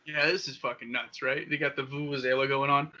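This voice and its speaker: A young man hosting a podcast, telling wild stories in a casual, profane, animated way with frequent laughter. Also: medium pitch, fairly quick. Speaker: podcast host. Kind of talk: casual storytelling. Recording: dull lo-fi sound.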